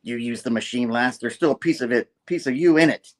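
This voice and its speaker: A man voicing a frantic, wisecracking young male superhero in a squeaky, panicked falsetto. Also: brisk, close to an everyday voice. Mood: pleading.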